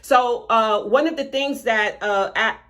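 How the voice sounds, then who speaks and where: A woman's voice: a little high, unhurried, fairly bright tone. A woman hosting a casual live-stream recap of a reality show, chatty and self-correcting, with frequent fillers.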